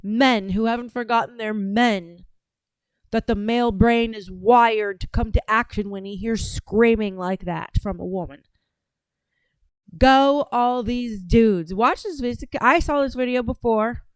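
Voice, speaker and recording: A woman's voice: fairly high pitch, unhurried, clean tone, no echo. A woman hosting an online news commentary show, talking in an emphatic, cheering, opinionated way.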